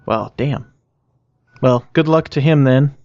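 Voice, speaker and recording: A man's voice: medium pitch, takes it slowly, no echo, dull audio. A man hosting a podcast, chatting casually and making wry jokes. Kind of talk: casual chat.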